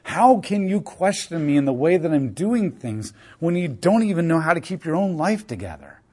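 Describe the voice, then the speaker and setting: A man's voice: fairly high pitch, sing-song, moderate pace, mellow, slightly rough. A man teaching on a Bible book in a conversational, emphatic way, piling up rhetorical questions and repeated phrases.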